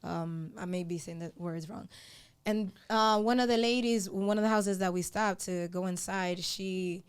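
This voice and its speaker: Woman with a smooth, clear voice. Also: lowish voice, steady tone, measured pace. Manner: earnest, open about personal experiences. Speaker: guest. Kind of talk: candid conversation.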